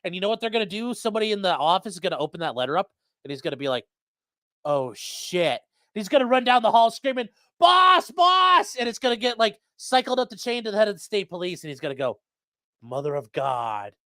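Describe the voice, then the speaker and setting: Racing along with hardly any pauses, this mid-range voice comes through in clean studio sound with no room echo. The host, at home on a live stream, reads comments from chat, swears freely, rambles excitedly, and reassures a dog in between.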